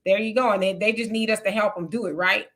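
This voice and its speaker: She talks fast, her mid-range voice holding a steady tone. As a live show host, she reads out viewer comments during a casual stream, responding candidly and conversationally with asides.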